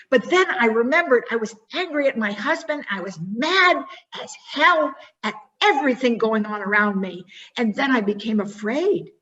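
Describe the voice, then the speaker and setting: A woman giving a keynote talk, telling a personal story with expressive, dramatic delivery and leading a quiet reflection. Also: a little high. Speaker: keynote speaker. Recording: dull lo-fi recording.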